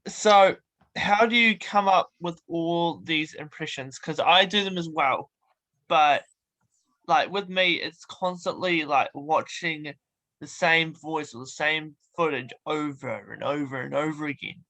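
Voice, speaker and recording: A man hosting a casual interview podcast, relaxed with short affirming replies. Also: a little high, measured pace. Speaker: podcast host.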